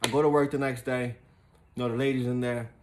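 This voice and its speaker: A young man in a relaxed, unscripted storytelling mood, swearing freely and circling back with lots of fillers. His pitch sits at an ordinary middle level for a man. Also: fast talker, a little hiss or hum. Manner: loose and profane, with frequent fillers and laughs. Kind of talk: casual storytelling.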